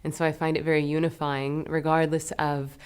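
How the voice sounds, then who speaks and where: Woman, meditation teacher, low voice, gentle, soothing, unhurried. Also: flat delivery, clean tone. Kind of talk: guided meditation lesson.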